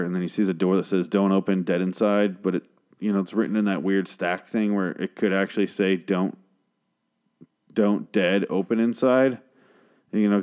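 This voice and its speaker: A man talking in a hushed way late at night at home, casually recapping a TV episode and swearing often. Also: low-pitched. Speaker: show recapper. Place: home at night, a girlfriend asleep in the next room.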